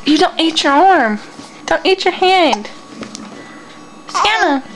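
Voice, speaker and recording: A woman's voice: very high voice, lively intonation, takes it slowly, a bit bright, a little hiss or hum, low-quality recording. A mother filming her baby at home, coaxing her in sing-song baby talk.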